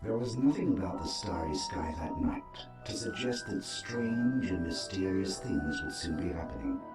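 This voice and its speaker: A man reading scripted storybook narration for a video game in a measured, storytelling way. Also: deep voice, lively intonation. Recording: roomy game audio, distant, loud music. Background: loud game score.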